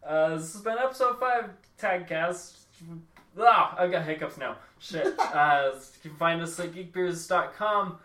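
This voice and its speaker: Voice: medium pitch, measured pace, a bit bright, recorded from a distance. A podcast host in casual chat, laughing often and joking loosely before closing out the episode. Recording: echoey room, set back from the mic.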